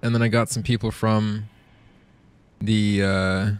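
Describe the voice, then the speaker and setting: Excitable, foul-mouthed male game streamer. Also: lowish voice, takes it slowly, a little hiss or hum. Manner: excitable, profane, laughs often. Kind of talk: casual gameplay commentary.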